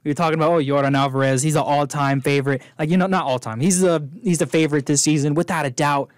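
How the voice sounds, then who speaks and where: A man's voice: fairly high pitch, steady tone, quick pace, no echo, clean studio sound. A young man co-hosting a sports talk show, joking with hyperbolic, repeated hot takes. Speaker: radio show co-host. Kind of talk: casual sports chat.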